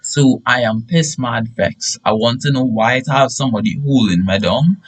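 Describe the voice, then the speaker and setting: A young man telling a story in a casual, animated way with bursts of shouting. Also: medium pitch, normal speed, low-quality recording.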